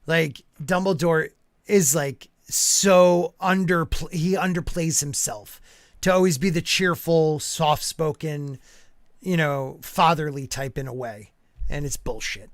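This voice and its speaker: Male podcast host, high-pitched and loose, casual fan chat, dry close mic. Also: takes it slowly, dry recording. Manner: loose and chatty, with many fillers and asides.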